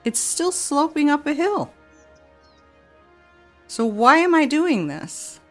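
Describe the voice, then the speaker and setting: A woman's voice: sits high, big pitch swings, slow pace, faint music behind. A woman giving gameplay commentary as she plays a city-building game, exasperated and grumbling to herself about the controls. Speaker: game streamer.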